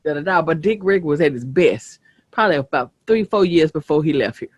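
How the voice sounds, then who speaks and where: A host from the American South, chatting casually, telling stories bluntly and swearing freely. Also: female voice, sits low, fast, husky, no echo, highs cut off. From Southern United States. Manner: animated, blunt, swears freely, asks "you get what I'm saying". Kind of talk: casual storytelling chat. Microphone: streaming setup.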